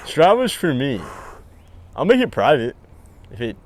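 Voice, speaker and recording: Young guy, average pitch, earnest and defensive co-host, casual grill-side chat. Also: wildly swooping pitch, unhurried, background noise. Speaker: podcast co-host. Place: outdoors at a backyard grill.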